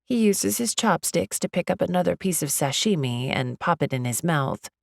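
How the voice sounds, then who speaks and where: A woman narrating a romance audiobook in the first person, with an expressive, chatty delivery. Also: lowish voice, normal speed, vocal fry, dry recording, studio quality. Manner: expressive, chatty, lively inner monologue.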